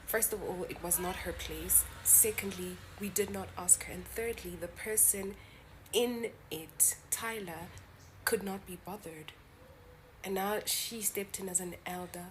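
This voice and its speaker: A woman's voice: medium pitch, steady tone, measured pace, background noise. An annoyed woman giving reaction commentary, laying out her points one by one.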